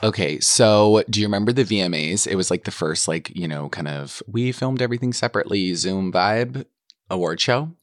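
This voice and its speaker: A young man co-hosting a comedy podcast, chatting casually and gossiping playfully, full of "like" and jumps into a high voice when quoting. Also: fairly quick. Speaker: podcast co-host.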